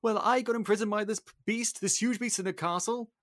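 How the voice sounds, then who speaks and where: A man putting on a panicked older father, crying out in a high, rushed voice as he retells a cartoon story. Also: fairly even intonation, fairly bright tone, dry recording, clean studio sound. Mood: frantic. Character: panicked old father, frantic and pleading.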